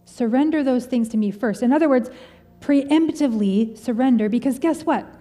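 A woman in her thirties preaches in an earnest, personal, conversational way, her voice a little high yet mellow and warm in tone. Her words ring out into a large church auditorium with a long reverb tail, and soft music plays faintly underneath. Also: moderate pace. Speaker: pastor. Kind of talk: sermon.

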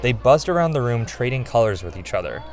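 Calm male reporter for a community feature, even, measured reads. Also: medium pitch. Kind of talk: scripted narration and field interviews.

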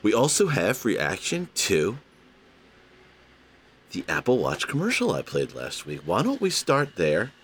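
A man hosting a casual comedic podcast, talking to listeners in an animated, playful way with drawn-out emphasis. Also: on the low side, breathy edge. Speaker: podcast host.

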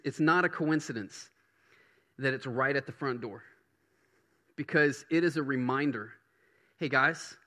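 A man's voice: on the high side, pushed and bright. A middle-aged man preaching a sermon on prayer, chatty at first and building to emphatic preaching. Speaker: pastor.

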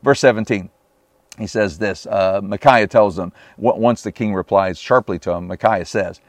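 A man's voice: lowish voice, normal speed, dry recording. A man preaching a sermon on a Bible passage, emphatic and often asking his listeners rhetorical questions.

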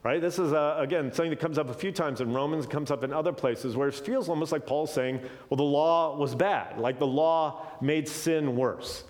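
A man preaching from Scripture in a relaxed, conversational way. He keeps checking in with his listeners and moves between quick stretches and slow, stressed points. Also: on the high side. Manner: casual, often adds "right?" as a check-in; animated, shifting pace. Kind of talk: conversational Bible teaching.

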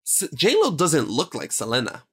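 A man's voice: a little high, wildly swooping pitch, normal speed, a bit bright, slightly rough. A man co-hosting a casual podcast, talking through a film in a rambling, emphatic way and often correcting himself. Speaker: podcast co-host.

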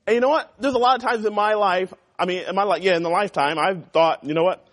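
A youth pastor gives a sermon to teenagers in a church classroom, animated and conversational, swinging between loud emphasis and quiet asides. His voice sits high and he talks fast.

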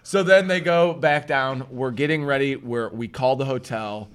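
A man casually telling a story on a podcast, animated and acting out other people's voices, with casual swearing. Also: medium pitch, moderate pace, clear, resonant tone.

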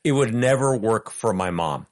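A man who is a guest on a podcast, speaking in relaxed, matter-of-fact casual chat. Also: lowish voice, moderate pace.

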